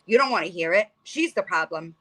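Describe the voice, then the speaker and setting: A woman's voice: fairly low pitch, expressive, brisk, sharp tone. A woman ranting angrily in a reaction vlog, heated and profane, confronting someone directly. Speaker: commentary vlogger. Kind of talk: angry reaction rant.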